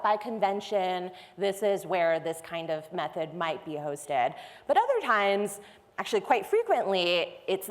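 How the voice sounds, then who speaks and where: A woman presents a technical talk at a conference, her voice sitting in a middling pitch range. She walks through ideas step by step in an easy, conversational way. A long reverb from the large hall trails behind her words. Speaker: conference speaker.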